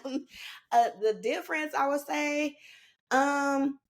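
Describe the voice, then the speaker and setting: A woman's voice: high-pitched, slow pace. A woman, a podcast guest talking in a laid-back, slangy, rambling way. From Northern California. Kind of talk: casual chat.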